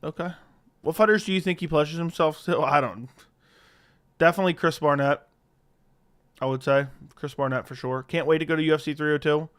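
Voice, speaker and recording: Clear-voiced man chatting on a livestream. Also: a little high, fairly quick, pauses often. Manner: reads chat questions aloud and answers offhand; relaxed, swears freely. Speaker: livestream host. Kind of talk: casual live-stream chat. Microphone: studio dynamic mic.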